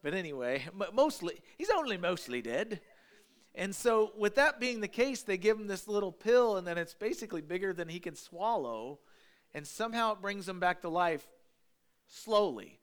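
A male pastor preaching a sermon in an animated, conversational way, with emphatic asides to the congregation. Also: high voice, normal speed, clear, resonant tone.

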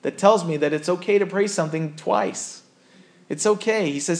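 A man's voice: sits high, normal speed, gravelly. A man preaching a sermon as a pastor, earnest and conversational, often correcting himself mid-sentence.

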